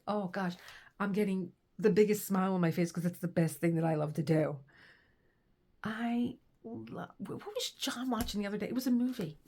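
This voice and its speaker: A woman's voice: medium pitch, normal speed, dark tone. A woman vlogger in casual chat, rambling and laughing as she reads aloud and tells stories. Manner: rambling, chatty, laughs often. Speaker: crafting vlogger.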